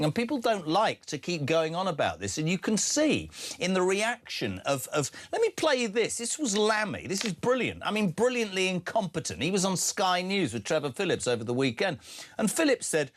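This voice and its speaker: A middle-aged British man hosting a live breakfast talk show, opinionated and full of quick asides. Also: high-pitched, very animated. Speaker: radio talk show host.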